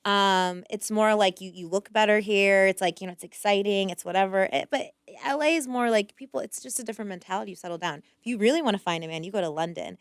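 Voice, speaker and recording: A woman chatting as a podcast guest, candid and loose, dropping swear words and quick asides. Her voice is smooth and clear. The sound is dry and close. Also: mid-range voice, no room sound. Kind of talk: casual chat.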